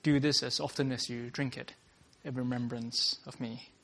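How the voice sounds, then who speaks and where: A male preacher with a gravelly, creaky voice delivers an earnest sermon at a mid pitch. He often restarts a phrase and opens lines with "uh," restating each point as he goes. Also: flat delivery, moderate pace, fairly bright tone.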